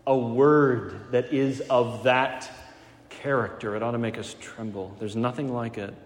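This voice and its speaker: A man's voice: mid-range voice, steady tone, a little hiss or hum. Earnest male pastor in a reverberant hall. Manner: earnest, emphatic, varies pace between slow stresses and quick asides. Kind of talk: sermon. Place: church sanctuary.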